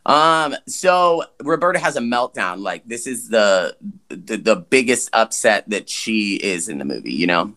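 A man's voice: lowish voice, lively intonation, unhurried, sharp tone. A man co-hosting a podcast, recapping a movie in casual chat, joking and swearing, and acting out the characters' lines. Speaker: podcast co-host.

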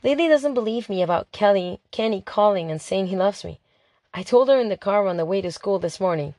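A woman's voice: medium pitch, expressive, fairly quick, dark tone, no echo, clean studio sound. A woman reading a first-person diary as an audiobook, chatty, dramatic and exasperated. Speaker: audiobook narrator.

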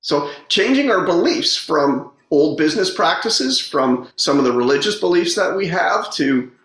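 A man with a fairly high, lively, slightly bright voice tells personal stories about growth in a casual, reflective way. He speaks haltingly and earnestly, often repeating and restarting words. The recording has a roomy echo.

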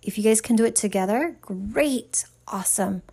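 A woman's voice: medium pitch, normal speed, creaky, dark tone, husky. A woman giving parenting advice in a frank, emphatic monologue, talking straight to the listener. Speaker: parenting advisor.

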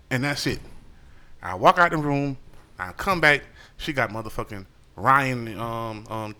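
A man telling stories in a podcast chat, animated and profane, acting out the lines of the people in his stories. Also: medium pitch, moderate pace, clear, resonant tone. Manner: animated, profane, acts out quotes. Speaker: podcast co-host. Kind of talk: casual storytelling chat.

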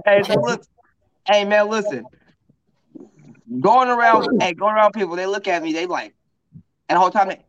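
A man's voice: high voice, normal speed, long pauses, fairly bright tone, highs cut off. A man from the US Northwest telling a long, profane story on a casual podcast, often asking "you feel me". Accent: US Pacific Northwest. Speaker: podcast co-host.

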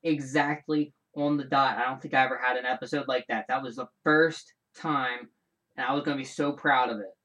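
A man hosting his own show in a casual, rambling solo chat, animated and full of restarts and side comments. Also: mid-range voice, brisk. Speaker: show host.

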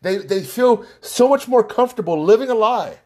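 A man talking casually to the camera, animated as he acts out both sides of an argument. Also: high voice, moderate pace. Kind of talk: casual monologue.

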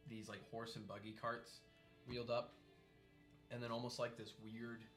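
A man serves as game master for a tabletop game, narrating scenes in a loose, rambling way packed with fillers. His medium-pitched voice is level and fairly bright at a moderate pace, with soft music in the background.

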